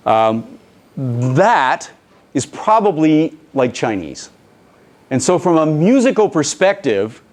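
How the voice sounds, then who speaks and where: A man giving a conference presentation in an animated, storytelling manner, often slipping into the voices of the people he quotes. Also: on the high side. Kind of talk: lecture presentation.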